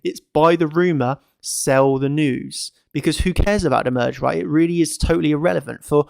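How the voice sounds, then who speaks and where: A man hosting a crypto trading channel talks through the charts in casual commentary, emphatic and fond of repeating himself for stress. His voice sits a little high and carries a gravelly fry. The sound is dry and close, with no room around it. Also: moderate pace, darkish tone, dry recording. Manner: emphatic and repetitive, stacking phrases. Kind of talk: casual market commentary to camera.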